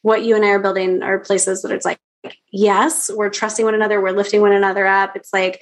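A woman's voice: medium pitch, flat delivery, fairly quick. A woman hosting a podcast interview, talking casually and enthusiastically with lots of fillers. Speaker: podcast host.

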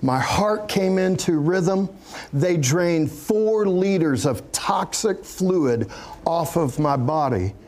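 A man's voice: on the high side, animated, takes it slowly, a little mellow. A man, a pastor, giving an earnest personal testimony in an interview, chuckling now and then as he tells it. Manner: earnest storytelling, chuckling as he speaks.

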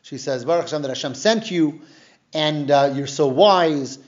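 A man's voice: a little high, moderate pace, dull audio. A man teaching a casual Torah class, retelling the story in plain conversational speech and explaining the Hebrew terms he uses. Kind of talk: casual Bible lesson, retelling and explaining verses.

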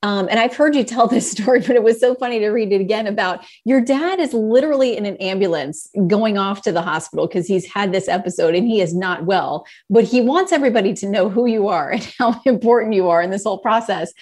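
A woman's voice: medium pitch, brisk, hardly any pauses, a little mellow. A woman interviewing an author, affirming him often and laughing easily as she recalls his stories. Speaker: interviewer and host. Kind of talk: conversational interview.

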